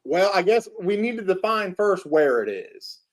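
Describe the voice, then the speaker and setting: A man's voice: high voice, normal speed. A man from Tennessee, a podcast guest telling casual stories and laughing often. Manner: animated, laughs often, acts out quoted voices. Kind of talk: casual storytelling.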